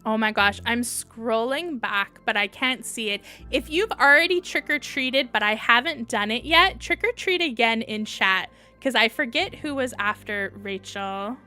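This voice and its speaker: A woman's voice: fairly high pitch, animated, unhurried, hardly any pauses, bright, forceful tone, faint music behind. A young woman hosting a casual livestream, chatting and answering viewers' comments as she goes. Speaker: livestream host.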